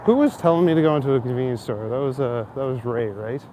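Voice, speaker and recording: A man's voice: mid-range voice, animated, fast talker, dark tone. A man in his thirties chatting casually with his livestream viewers as he walks through city streets, swearing freely and laughing often. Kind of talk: casual walking livestream chat. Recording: faint city traffic noise outdoors.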